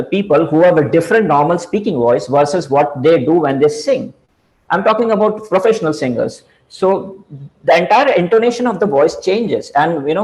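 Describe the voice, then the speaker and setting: A man giving a lecture on communication, talking haltingly with frequent "you know" fillers and restarts. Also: on the high side, darkish tone, rough recording. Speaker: speaker on communication skills.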